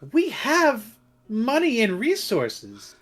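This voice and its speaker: Female player in character: theatrical, exclaiming, wide-ranging pitch. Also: huge pitch swings, slow pace. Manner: exclamatory, melodramatic. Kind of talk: in-character tabletop play.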